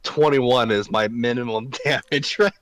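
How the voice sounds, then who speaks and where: A man's voice: medium pitch, a little slow, a bit bright. A young man playing a tabletop game, brash and joking, swearing freely. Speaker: player. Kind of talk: casual tabletop game chat.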